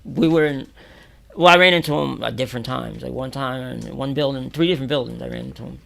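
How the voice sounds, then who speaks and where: A man's voice: medium pitch, fast, creaky. A man from New York, an interview guest, telling prison stories casually, swearing freely and acting out what people said. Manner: animated, acts out quotes with loud exclamations, swears freely. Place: radio or podcast studio.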